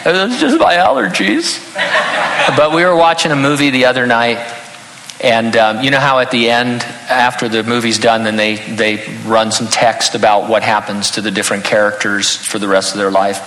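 A man's voice: lowish voice, little pitch movement, moderate pace, sharp tone, roomy sound, in a large hall, rough recording. An older man preaching a sermon as pastor, earnest with touches of self-deprecating humor.

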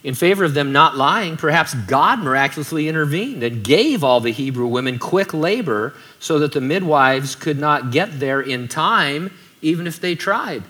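A man's voice: on the high side, animated, moderate pace, pushed and bright. A man preaching a sermon in a conversational way, with joking asides. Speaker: pastor.

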